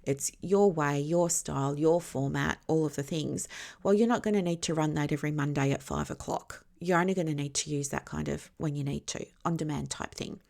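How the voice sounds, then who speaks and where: Woman mentor, low register, chatty teaching delivery, leans on analogies and comprehension checks. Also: fairly even intonation, fairly quick, vocal fry, a little mellow. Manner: explains through extended analogies, often checks if listeners follow. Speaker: business mentor. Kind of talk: casual teaching monologue.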